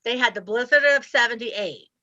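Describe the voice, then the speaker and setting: A woman, telling her story as an interview guest with lively, laughing animation. Her voice sits fairly high and sounds bright and forceful. The audio is a bit muffled and lo-fi. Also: normal speed. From Ohio, US Midwest. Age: 60s. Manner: animated, laughs often, acts out her past self.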